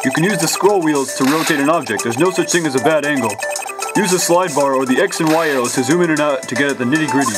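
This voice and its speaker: A man voicing a loyal, bumbling male police detective in an eager, rapid manner while reading a video game aloud, over loud game music. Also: on the high side, natural voice. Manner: eager, rapid, says "pal" a lot. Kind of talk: let's play voice reading.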